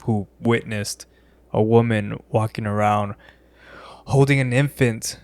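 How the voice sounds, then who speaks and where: A man's voice: on the low side, fairly even intonation, slow, a little mellow, no room sound. A man with a West Texas accent hosting a podcast, chatting loosely, swearing, and filling in background for viewers. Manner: loose and profane, explains things for viewers. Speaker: podcast host. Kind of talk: casual podcast chat.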